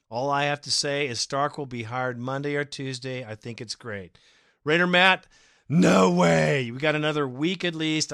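A man hosting a fan podcast, reading listener messages and trash-talking rivals in an animated way. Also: medium pitch, clear, resonant tone, no room sound, clean studio sound. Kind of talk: casual fan podcast commentary.

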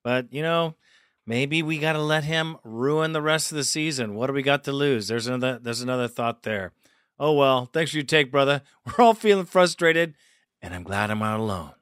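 A man hosting a sports fan call-in show, excitable, often laughing and calling callers brother. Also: medium pitch, normal speed, clear, resonant tone, dry recording, studio quality. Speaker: podcast host.

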